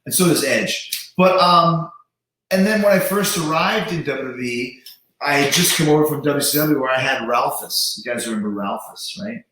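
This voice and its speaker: A man's voice: a little high, normal speed, sharp tone, slight background noise. A man hosting a show, talking in a casual, emphatic monologue with some swearing and repeated words. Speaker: show host. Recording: very echoey room.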